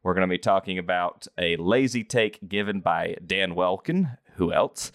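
A man co-hosting a sports podcast, opening the show with energetic jokes and casual banter. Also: low voice, normal speed, hardly any pauses. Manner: energetic, joking, animated intro. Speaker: podcast co-host.

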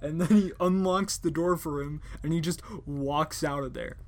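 A man's voice: fairly high pitch, steady tone, normal speed. A young man hosting a casual podcast chat, rambling and joking with casual swearing. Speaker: podcast host.

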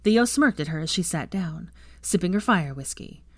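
A woman reading fan fiction aloud with an expressive reading voice. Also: on the low side, moderate pace, dry recording.

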